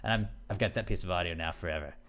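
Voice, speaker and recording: A man hosting a podcast, telling stories in a rambling, laughing way. His voice is bright and forceful. It is smooth and clear, at an ordinary pitch for a man. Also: racing. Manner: rambling, laughing storyteller full of restarts. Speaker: podcast host. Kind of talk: casual chat.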